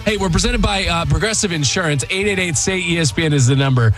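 A man hosting sports talk radio, opinionated and animated in quick banter. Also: fairly high pitch, distant mic, soft background music.

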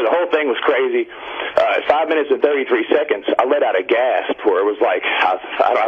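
A man from Indiana calling in to a radio talk show, telling a long story in a rambling, excited way. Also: mid-range voice, husky. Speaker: caller. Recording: dull radio line.

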